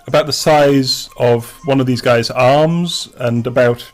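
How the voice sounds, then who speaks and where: A man's voice: mid-range voice, unhurried, faint music behind. A man narrating as game master of a tabletop game, rambling with many restarts and fillers.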